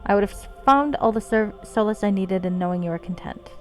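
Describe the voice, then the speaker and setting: A woman's voice: medium pitch, a little fast, soft background music, lightly acted. Woman reading as a devoted loyal knight. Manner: formal, earnest courtly speech. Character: devoted male knight companion, loyal and earnest.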